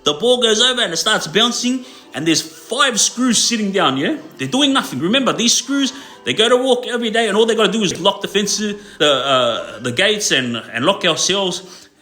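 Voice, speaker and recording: A man's voice: sits high, expressive, normal speed, bright, forceful tone. A man and former inmate telling prison stories to livestream viewers in a loose, laid-back way, with lots of fillers and tag questions. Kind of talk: casual storytelling to viewers.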